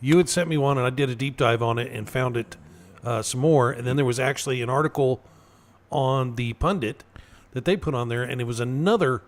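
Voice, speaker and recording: A man co-hosting a casual political talk radio show, talking in a halting way with fillers and restarts. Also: mid-range voice. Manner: halting, lots of fillers and restarts, laughs at own stories. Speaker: radio co-host.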